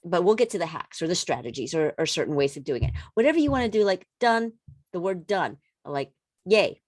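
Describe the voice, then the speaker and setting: Animated woman coach, dry close sound. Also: low voice, fast talker, slightly rough, no echo. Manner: animated, repeats words, playful interjections. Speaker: holistic coach. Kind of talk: casual motivational talk.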